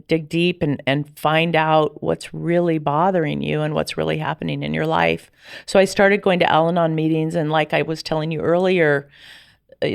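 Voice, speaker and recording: A middle-aged woman telling her personal story as a podcast guest, lively and acting out the dialogue she remembers. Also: sits low, gravelly, dry recording, clean studio sound. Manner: animated, acts out quoted dialogue.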